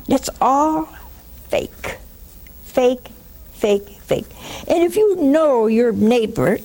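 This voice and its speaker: Older woman, call-in host; emphatic, scolding, higher-pitched. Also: slightly rough. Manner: emphatic, scolding, mocking then hushed. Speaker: host of a religious call-in show. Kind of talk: call-in talk, preaching.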